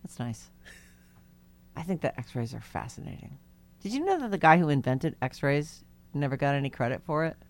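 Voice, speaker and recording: A woman co-hosting a podcast in casual chat, chatty and given to trailing off into a soft murmur. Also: low-pitched, animated, moderate pace, pauses often. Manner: chatty, trails off, drops to a murmur when musing. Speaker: podcast co-host.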